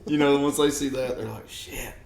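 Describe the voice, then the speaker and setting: A man's voice: mid-range voice, steady tone, brisk, creaky, a little mellow. A man telling a rambling story in casual chat, full of fillers. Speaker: guest. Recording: echoey room with faint ambience.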